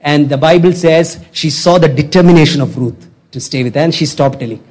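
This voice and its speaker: His voice sits on the high side, a little fast and a little mellow. As a pastor preaching, this man repeats his points, exhorts his listeners, and prompts the congregation to answer back.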